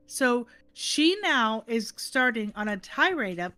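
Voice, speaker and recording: An older woman hosting a livestream, telling a family story in animated casual chat and laughing often. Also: a little high, slow pace, few pauses, faint music behind. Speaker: livestream host.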